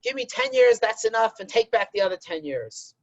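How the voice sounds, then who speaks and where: This is a plain-spoken dog bargaining with God in a spoken folk tale, as a man puts him on. The voice is gravelly and lively in pitch. The recording is dry and lo-fi. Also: fairly quick, no room sound, exaggerated voice. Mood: matter-of-fact. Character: plain-spoken dog asking about its job.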